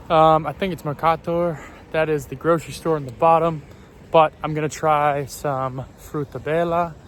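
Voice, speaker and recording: A man vlogging casually to camera as he walks city streets, chatty and hesitant, with lots of ums and self-corrections. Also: fairly high pitch. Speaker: travel vlogger. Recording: faint outdoor street noise. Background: faint street and traffic noise.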